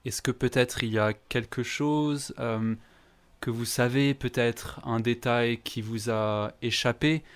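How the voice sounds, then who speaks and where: A young man playing a tabletop game, speaking slow, hesitant learner French with fillers. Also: mid-range voice, fairly even intonation, smooth. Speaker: player.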